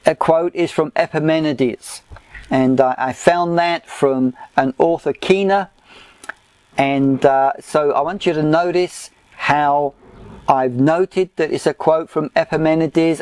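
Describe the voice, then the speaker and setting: Male Bible teacher, unhurried, halting lecture delivery, dry close recording. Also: fairly high pitch, a little mellow, no echo. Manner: slow, measured, with frequent "uh" pauses.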